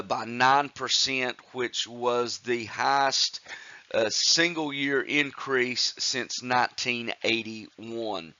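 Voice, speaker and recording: A male instructor lecturing on economics at an unhurried, deliberate pace, with a bright, forward voice. He works through each point methodically, pausing on fillers and restarting phrases. The recording is dry and slightly dull, as if made on a modest mic. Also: medium pitch, no echo.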